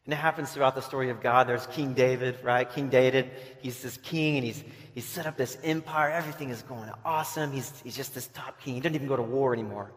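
A man's voice: mid-range voice, steady tone, quick pace, few pauses. Man preaching casually in an echoing hall. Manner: conversational, restarts often, acts out quoted voices. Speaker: camp speaker. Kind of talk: casual sermon with storytelling. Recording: long hall reverb.

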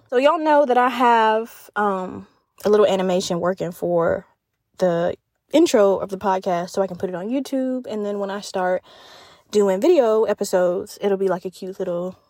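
A woman's voice: mid-range voice, darkish tone, no echo, studio quality. A young woman hosting a podcast in casual chat, candid and profane, telling stories with lots of fillers. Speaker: podcast host.

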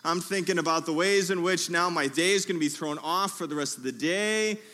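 A man preaching a sermon in a tent, telling a humorous story in a lively way and calling out to his listeners. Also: on the high side, brisk. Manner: lively, humorous storytelling with audience call-outs. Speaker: pastor.

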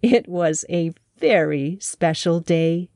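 A woman reads a children's story aloud, gentle and unhurried. Her pace is slow and soothing, and the recording is close and dry with no room sound. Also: on the low side, no room sound. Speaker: storybook narrator.

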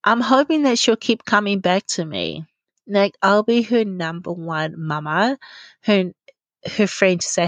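A woman's voice: lowish voice, unhurried, no room sound. A woman in her thirties hosting a solo parenting podcast, talking candidly and laughing at herself often. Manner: candid and confiding, laughs often, self-deprecating. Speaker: podcast host. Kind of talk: reflective solo podcast talk.

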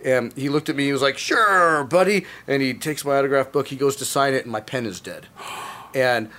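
A man in his forties co-hosting a casual podcast, spinning anecdotes with lots of laughter and tripping over his words. His voice sits at an everyday middle pitch. He is chatty and excitable. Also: fairly quick. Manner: animated storyteller, stumbles and repeats words, laughs often. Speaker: podcast co-host. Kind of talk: casual chat, storytelling.

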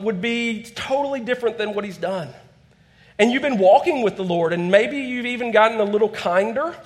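A man in his thirties preaching a conversational sermon in a church, acting out quotes as he tells stories. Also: sits high. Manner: storytelling with acted-out quotes, conversational. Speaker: pastor.

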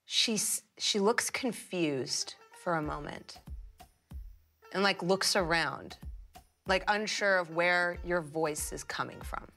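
A woman narrating a tabletop game as game master, animated and switching quickly into character voices. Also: on the low side, creaky, faint music behind.

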